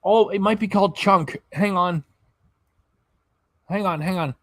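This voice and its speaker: His voice is high and a bit bright, his pace measured, with no room sound in the recording. A weary reaction channel host, he yawns as he chats on a live stream, reading messages from chat and getting tangled on names.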